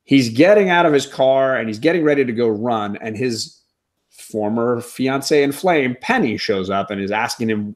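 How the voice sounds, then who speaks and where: Man, podcast host, casual tv recap, wry, animated, mid-pitched voice. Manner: animated, wry, with restarts and quick asides.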